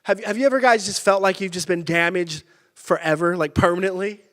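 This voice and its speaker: High-pitched guy preaching, animated story, big echoey church hall. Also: fairly quick. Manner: animated storytelling, shouting in bursts. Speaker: pastor. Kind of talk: sermon. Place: church sanctuary. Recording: church hall with long reverb.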